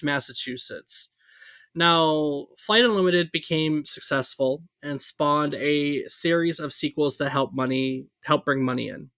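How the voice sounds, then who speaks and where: Higher-voiced man hosting a podcast. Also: fairly bright tone, dry recording, clean studio sound. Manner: conversational, with fillers and asides. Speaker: podcast co-host. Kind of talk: casual podcast history talk.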